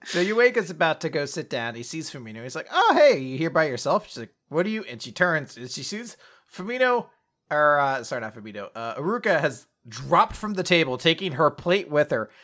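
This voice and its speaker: A man co-hosting a casual manga recap podcast, acting out the characters' lines in quick voices and swearing freely. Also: on the high side, big pitch swings, sharp tone. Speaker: podcast co-host.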